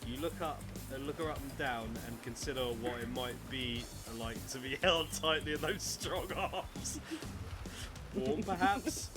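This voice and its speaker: A man's voice: mid-range voice, a little slow. A man reading a game's story aloud in a mock-dramatic way, breaking off for joking asides. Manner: playful, mock-dramatic, swears for laughs. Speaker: streamer reading a visual novel. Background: game music.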